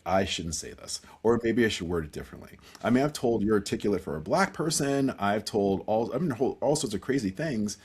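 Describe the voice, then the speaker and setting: Man, podcast guest, husky voice, lively pitch, animated storyteller, earnest. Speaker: podcast guest, professional speaker. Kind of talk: casual podcast conversation.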